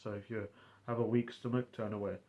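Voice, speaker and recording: A man streaming and casually retelling a roleplay story, rambling and halting as he goes. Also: lowish voice, flat delivery, warm tone. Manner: rambling, halting, many fillers and restarts.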